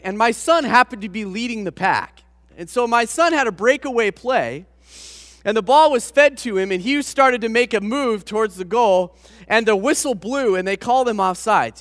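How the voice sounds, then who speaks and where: A man preaching, a pastor telling a personal story to his congregation with animated, self-deprecating humor. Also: high voice, no echo, in a large hall. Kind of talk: storytelling sermon.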